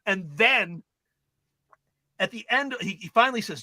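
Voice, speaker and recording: A man's voice: high-pitched, lively intonation, unhurried, bright, forceful tone, no echo. A man retelling film scenes in casual chat, acting out the characters' lines as he goes. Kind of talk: animated storytelling in casual chat.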